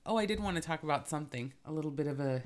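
A woman's voice: deep voice, expressive, very fast. A woman co-hosting a casual podcast chat, joking, laughing often and rambling between topics. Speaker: podcast co-host.

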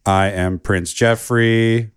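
A man's voice: on the low side, fairly even intonation, slow, smooth, no echo, clean studio sound. A man co-hosting a casual movie podcast, playful and fond of silly voices, with a Chicago accent. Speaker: podcast co-host. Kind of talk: casual chat.

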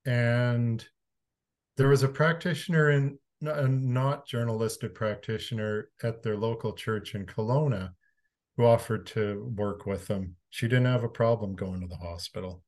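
A man from Canada, an interview guest, telling a personal story in a frank, conversational way, swearing casually and moving between calm and emphatic. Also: medium pitch, normal speed.

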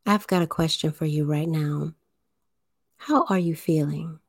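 Slow, low-voiced woman livestream host. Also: no echo, studio quality. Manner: deliberate, enunciating, leads breathing exercises. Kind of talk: slow spiritual livestream talk.

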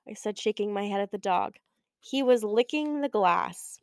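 A young woman narrating a first-person audiobook with a wry, expressive way of telling the story. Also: mid-range voice, moderate pace, dry recording, studio quality. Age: young adult. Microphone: close studio mic.

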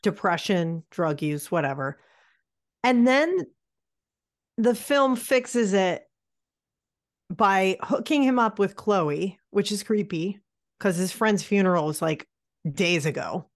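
Casting note: woman, mid-pitched voice, wry and chatty podcast co-host. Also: lively intonation, slow, pauses often, no room sound, studio quality. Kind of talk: casual film discussion.

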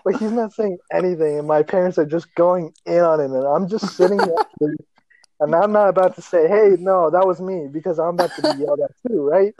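A man's voice: high-pitched, brisk, poor audio. A young man co-hosting a podcast, telling a story in casual chat, laughing often and acting out the people in it. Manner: animated storyteller, laughs often, acts out voices. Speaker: podcast co-host.

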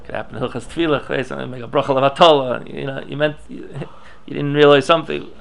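A man's voice: mid-range voice, fairly even intonation, quick pace, vocal fry. A man giving a Torah class, reading Hebrew and Aramaic passages aloud and explaining them in English, thinking aloud with restarts. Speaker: Torah teacher.

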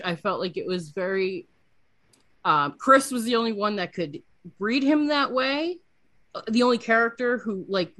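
A woman co-hosting a podcast in casual chat, animated and profane with quick asides. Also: medium pitch, dry recording. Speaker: podcast co-host.

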